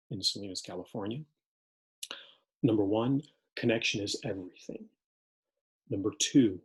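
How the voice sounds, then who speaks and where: Male trainer, low and husky, calm measured teaching delivery. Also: poor audio. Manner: calm, measured, acts out student voices. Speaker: teacher leading an educator training. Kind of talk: online training talk.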